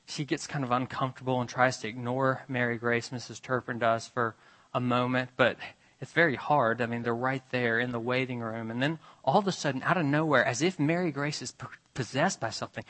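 Bright-voiced male preacher telling a story. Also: medium pitch, steady tone, brisk, low-quality recording. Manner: dramatic retelling, swinging from urgent to hushed. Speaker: pastor. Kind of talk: storytelling sermon.

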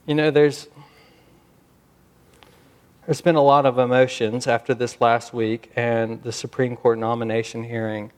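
Male pastor, mid-pitched, earnest sermon delivery, slows and swells for emphasis. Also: level tone.

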